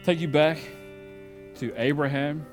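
A male pastor preaching a sermon in a conversational storytelling way, moving between loud emphasis and quiet asides. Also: on the high side, fairly even intonation, a little slow, soft background music.

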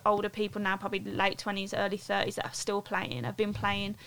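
A woman's voice: medium pitch, completely flat delivery, brisk, fairly bright tone. A woman, chatting casually as a podcast guest, loose and full of fillers. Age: late 20s to 30s. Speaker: guest footballer and coach.

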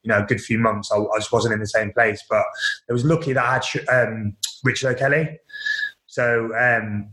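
A man recounts his playing days in a relaxed, open way. He restarts sentences often and leans on fillers. His voice bounces around an echoey room. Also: mid-range voice, moderate pace. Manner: candid, repeats words, many fillers. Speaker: former professional footballer, guest. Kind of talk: casual interview storytelling.

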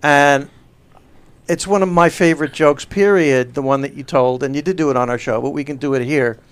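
A comedian chatting in a studio, enthusiastic and admiring. His voice sits a little higher than most men's. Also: brisk, clean tone. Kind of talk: casual chat.

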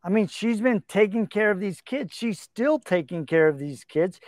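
A man's voice: high-pitched, expressive, normal speed, dry recording, studio quality. A middle-aged man hosting a relationship advice talk, telling stories earnestly and acting out the dialogue. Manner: earnest storytelling, acts out quoted dialogue. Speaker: podcast host.

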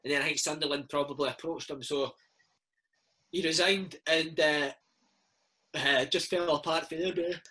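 A man's voice: on the high side, steady tone, normal speed, long pauses, sharp tone, low-quality recording. A Scottish man in his thirties, a former footballer telling stories in a casual interview, dropping "mate" and "eh" all the time. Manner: chatty, peppers speech with "mate" and "eh".

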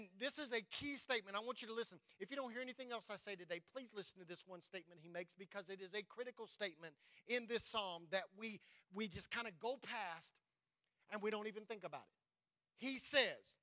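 A man, the church pastor, preaching a sermon, reading scripture slowly and with emphasis and talking straight to the congregation. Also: high voice, sharp tone, no echo, rough recording.

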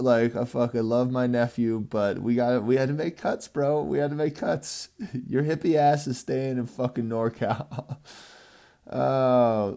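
A man's voice: medium pitch, warm tone. A young man from California rambling through a casual, profane monologue as a podcast host, joking and cursing freely.

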